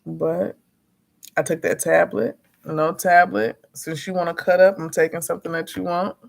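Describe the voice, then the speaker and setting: A woman chatting casually as a vlogger, frank and animated, acting out quotes as she tells her story. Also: fairly low pitch, moderate pace, creaky. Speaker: notary and vlogger.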